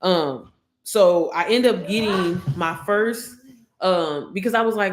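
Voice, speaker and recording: A woman's voice: on the low side, slow pace, slight background noise. A woman YouTuber telling a story to her viewers, candid and slangy, swearing freely and calling them y'all.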